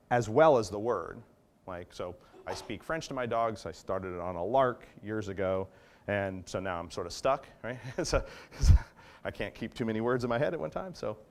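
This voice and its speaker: Man with a slightly low voice, lecturing casually. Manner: conversational, explanatory, keeps checking in with listeners; acts out commands in varied tones. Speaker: dog trainer. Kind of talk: workshop lecture.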